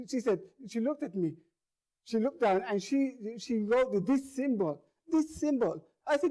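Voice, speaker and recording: With a very high-pitched voice, lively intonation, and normal speed, a man performs an earnest first-person monologue. As his story tightens, he repeats words and phrases and grows louder.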